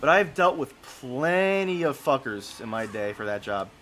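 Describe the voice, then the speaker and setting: A man's voice: mid-range voice, very animated, unhurried, fairly bright tone, a little hiss or hum. A man streaming a game and telling a long story in a casual, rambling way, with many fillers and self-corrections.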